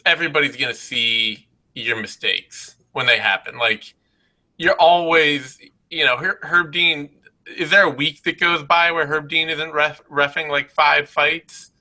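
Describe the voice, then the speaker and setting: Man, co-host, very bright edgy voice, blunt, emphatic, swears a lot, casual fight talk. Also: on the high side, measured pace, poor audio. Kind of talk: casual post-fight analysis chat.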